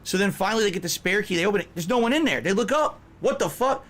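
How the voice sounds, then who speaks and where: A man's voice: high voice, expressive, quick pace, a bit bright. A middle-aged man hosting a casual reaction stream, who tells stories, laughs often and reads out viewer messages. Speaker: streamer host.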